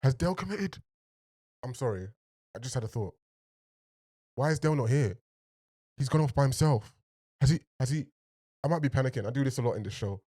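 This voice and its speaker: A man's voice: medium pitch, lively intonation, fairly quick, pauses often, warm tone, breathy edge, dry recording, clean studio sound. A man hosting a TV reaction video, talking expressively to his viewers, laughing and trailing off as he reacts. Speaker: TV reaction host. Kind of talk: emotional reaction commentary.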